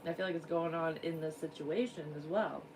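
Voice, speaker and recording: A woman's voice: low-pitched, brisk, recorded from a distance, noisy background. A woman working as a psychic medium gives a casual card reading, rambling, frank and swearing freely.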